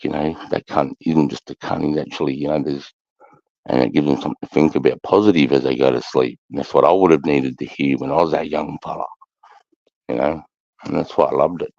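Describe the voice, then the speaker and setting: A middle-aged Australian man with a low, deep voice talks bluntly and earnestly, swearing freely. The sound is dry and muffled, with a lo-fi edge. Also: fairly even intonation, a little fast, vocal fry, darkish tone, no echo. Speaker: host, army veteran. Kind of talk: casual chat. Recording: dull lo-fi sound.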